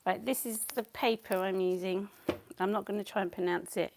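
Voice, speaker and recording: A woman's voice: mid-range voice, fairly even intonation, a little fast, creaky, a little mellow. A woman chatting casually on a live stream at home, greeting viewers by name and giggling as she paints. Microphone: clip-on mic.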